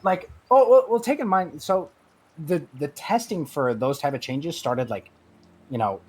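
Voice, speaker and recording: A man's voice: fairly high pitch, lively intonation, a little slow, husky. A man, a guest streamer in a casual gaming chat, who rambles with many restarts and fillers.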